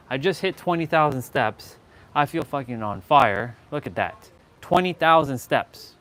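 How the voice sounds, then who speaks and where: This fitness livestream host talks in a medium-pitched, slightly bright voice through a small clip-on mic, and the recording sounds rough. Full of energy and motivation, he keeps things casual, repeating points for emphasis and tossing in the odd swear word.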